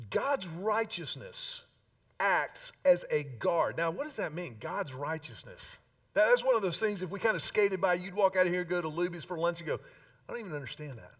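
A man preaching a sermon as pastor, emphatic, with dramatic pauses and slowed key phrases. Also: high-pitched, fairly bright tone, far from the mic.

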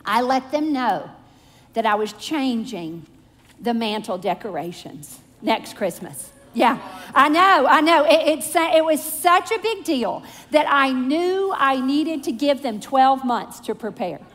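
A woman's voice: high voice, expressive, a little slow, fairly bright tone, long reverb tail. A middle-aged woman speaking from the pulpit to her congregation, chatty, playful and self-mocking as she prays and shares family stories. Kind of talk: prayer and church talk. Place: church sanctuary.

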